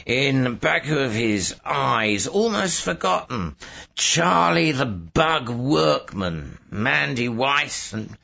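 Brief: male audiobook narrator, heavy vocal fry, bright and husky, sardonic delivery. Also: mid-range voice, big pitch swings, slow pace. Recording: dull lo-fi recording.

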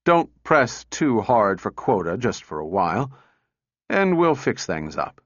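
A man doing a gruff, sardonic engineer. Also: fairly low pitch, very animated, fairly bright tone, no room sound, lo-fi sound, heavily acted. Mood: brisk. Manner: brisk, impatient. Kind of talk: audiobook character reading.

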